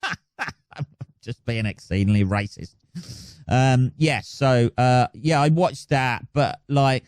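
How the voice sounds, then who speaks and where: A man's voice: medium pitch, a little mellow, smooth, no room sound. A man hosting his own podcast alone, chatting casually in a rambling, sweary, self-mocking way. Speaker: podcast host. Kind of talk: casual solo podcast chat.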